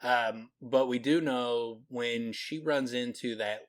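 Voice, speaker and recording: A man's voice: medium pitch, fairly even intonation, slow pace. A man co-hosting a podcast, chatting casually about a novel and often trailing off and restarting. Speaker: podcast co-host. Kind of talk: casual book discussion.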